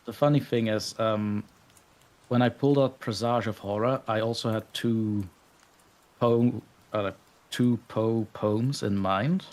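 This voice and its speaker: A man on a live stream as a guest narrator, speaking in a lowish voice. He talks modestly and casually, pausing with small hesitations. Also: steady tone, darkish tone.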